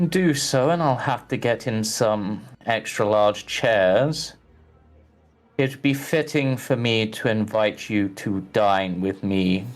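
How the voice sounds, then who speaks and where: A man puts on a pompous baron who talks slowly and grandly in a lowish voice. He plays the self-satisfied town noble in a tabletop game, with faint music in the background.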